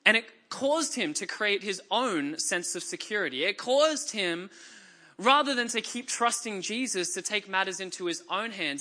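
Bright-voiced Australian preacher. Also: male voice, high-pitched, expressive, moderate pace. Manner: conversational and joking, reads scripture dramatically. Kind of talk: sermon. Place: church before a congregation.

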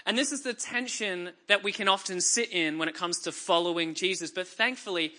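Bright-voiced Australian preacher. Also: male voice, high voice, brisk. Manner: conversational and joking, reads scripture dramatically. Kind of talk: sermon. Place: church before a congregation.

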